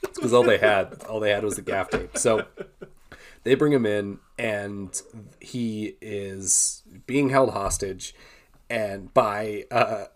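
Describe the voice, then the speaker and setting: A young man co-hosting a film podcast, chatting in a fairly low voice with quick asides and easy agreement. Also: fairly even intonation. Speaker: podcast co-host. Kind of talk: casual film discussion.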